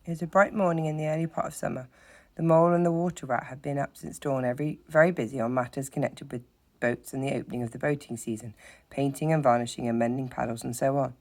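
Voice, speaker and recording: A teacher reading a children's story aloud in a steady, expressive narrating voice, with occasional slips. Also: medium pitch, fast talker.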